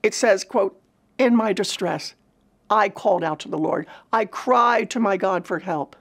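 A woman's voice: mid-range voice, unhurried. A woman giving an earnest personal testimony, telling her story in a reflective way. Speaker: speaker at a women's ministry event.

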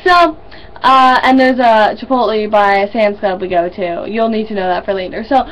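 A young woman, a student, telling an animated story to her camera at home, laughing as she goes. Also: mid-range voice, normal speed, a little hiss or hum, poor audio. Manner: animated, laughing storyteller who acts out quotes. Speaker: vlogger and student. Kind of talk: casual video diary. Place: indoors at home. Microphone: camera built-in mic.

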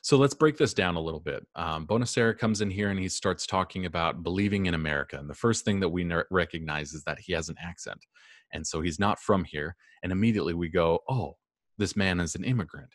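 A man's voice: sits low, fast, no room sound, studio quality. A man teaching a class in a casual, rambling way, with frequent ums and restarts. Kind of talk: classroom lecture.

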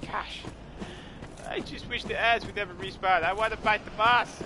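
A man commenting on his own gameplay, frustrated, swinging between low muttering and loud yelling at the game. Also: fairly even intonation, moderate pace, very noisy. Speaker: gamer streaming his play. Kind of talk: casual let's-play commentary.

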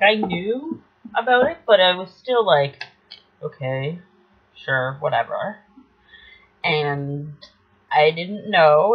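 A young woman telling a personal story in a casual, rambling vlog, often correcting herself as she goes. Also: fairly low pitch. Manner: chatty, rambling, self-correcting. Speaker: vlogger. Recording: dull lo-fi home video audio.

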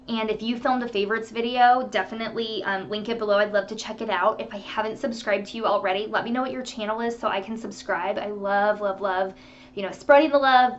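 A woman's voice: mid-range voice, slight background noise. Chatty woman vlogger, slightly dull recording. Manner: chatty, animated storytelling with laughs. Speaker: beauty vlogger. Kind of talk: casual chat to camera.

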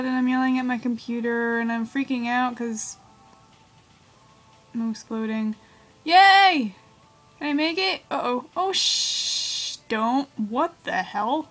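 High-voiced woman yelping through a game. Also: unhurried, faint music behind, rough recording. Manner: yelps and squeals at the game. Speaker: gamer. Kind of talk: let's play commentary.

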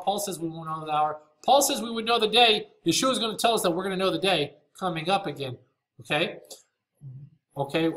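A man's voice: high voice, fairly bright tone, rough recording. A man teaching Bible prophecy over slides. He reads scripture passages aloud and explains them in a casual way, often checking in with "okay?". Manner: reads scripture aloud in old-fashioned wording.

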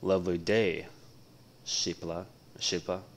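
A man's voice: deep voice, level tone, slow pace. A man reading aloud voices a cheeky young man from a storybook, calling out eager, upbeat greetings. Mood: cheery.

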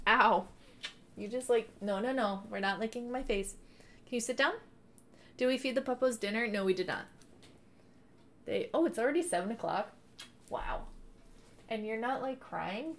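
A woman's voice: mid-range voice, normal speed, pauses often. A woman chatting casually and playfully on a live stream, now and then baby-talking to her dog.

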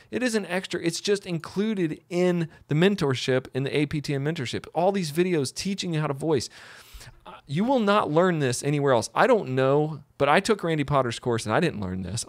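A man who is a piano technician and tuning mentor, telling a story in a casual, animated sales pitch, often repeating his words. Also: no room sound, clean studio sound. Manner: animated, repeats words, acts out quoted voices.

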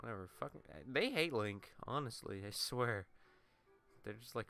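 A man's voice: on the low side, expressive, normal speed, vocal fry, pushed and bright, soft background music. A young man casually commentating his video game play, swearing and mocking himself as he goes, with a runny nose. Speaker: let's play gamer.

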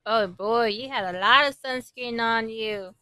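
A woman's voice: on the high side, measured pace, bright, forceful tone, clear, resonant tone, no echo, clean studio sound. A young woman from Hawaii hosting an anime reaction, commenting as she watches with gasps, squeals and giggly outbursts.

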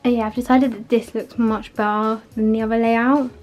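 Chatty young woman, breathy and rambling. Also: on the high side, level tone, normal speed, darkish tone, soft background music. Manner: chatty, rambling, fillers like "like" and "literally". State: a bit out of breath. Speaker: vlogger. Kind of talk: casual vlog chat. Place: her bedroom at home.

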